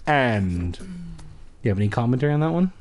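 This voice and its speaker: Sarcastic man reading stories with a very lively pitch. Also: rapid-fire. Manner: sarcastic, profane running commentary. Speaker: podcast host reading stories. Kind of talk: comedic story reading with asides.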